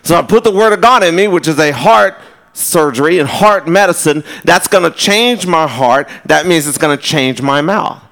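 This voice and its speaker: Male pastor, sermon delivery, a bit high-voiced, loose and chatty with storytelling asides. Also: animated, fairly bright tone. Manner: conversational storytelling with quick asides and laughs. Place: church.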